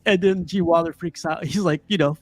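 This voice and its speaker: A man's voice: on the high side, steady tone, a little fast. A man hosting a casual movie review chat, talking loosely with lots of fillers. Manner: loose, filler-heavy talk. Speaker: podcast host.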